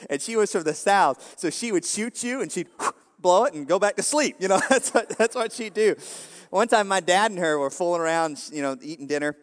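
This man's voice sits high and sounds expressive, moving at a fairly quick clip with a long reverb tail. He preaches a casual, joking sermon, rambling with constant "you know" fillers and asides to the crowd.

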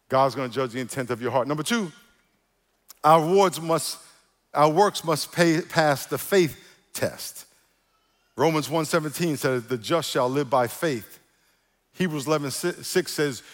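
A male pastor preaching, animated, moving between quiet asides and loud emphatic calls to the congregation. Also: fairly high pitch, moderate pace. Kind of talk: sermon. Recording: reverberant church hall.

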